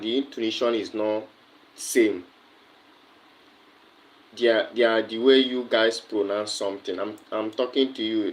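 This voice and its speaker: Slow low-voiced Nigerian man livestreaming. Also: a little hiss or hum, poor audio. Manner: answers viewers' comments directly, many fillers and repetitions. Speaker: livestream host. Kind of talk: casual livestream chat.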